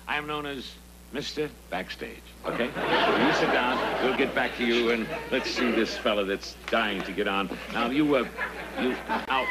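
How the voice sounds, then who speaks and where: An actor playing a bossy wisecracking comedian. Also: male voice, medium pitch, close to an everyday voice. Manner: wisecracking, domineering, stalling with drawn-out pauses. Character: brash veteran male comedian, bossy and wisecracking. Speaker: comedian in a sitcom guest spot. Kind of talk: sitcom acting before a studio audience. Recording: noisy sitcom audio with audience laughter.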